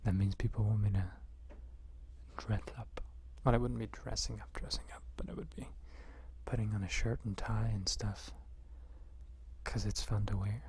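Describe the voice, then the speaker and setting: A man's voice: on the low side, flat delivery, normal speed, darkish tone, slight background noise. A man in a whispered ASMR live stream chat, rambling in dry, joking asides close to the mic.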